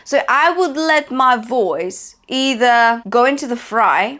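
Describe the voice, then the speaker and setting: A woman's voice: fairly high pitch, animated, takes it slowly, a bit bright. A woman vocal coach teaching a singing lesson, encouraging and breaking in with short sung demonstrations. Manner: encouraging, demonstrates sung phrases between explanations.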